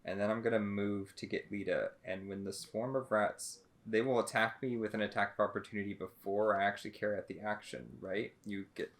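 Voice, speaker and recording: A man's voice: lowish voice, steady tone, a little fast, few pauses. A man playing a card game with a friend, thinking aloud as he plans his moves. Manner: thinks aloud, works through numbers. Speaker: co-host and player. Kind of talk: casual game planning.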